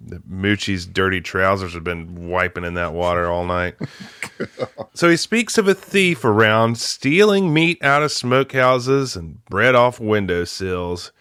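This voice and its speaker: A man's voice: low-pitched, lively intonation, a little slow, a bit bright, clean tone, dry recording, studio quality. A man casually recapping a movie's plot as a film club host, chatty with laughing asides and lots of fillers.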